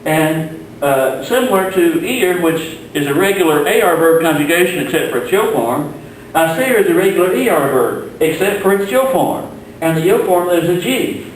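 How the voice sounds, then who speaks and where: A man's voice: on the high side, expressive, a little hiss or hum. Man teaching in an echoey room. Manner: slow, patient explaining with fillers. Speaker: Spanish teacher. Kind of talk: recorded grammar lesson. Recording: very echoey room, mic far off.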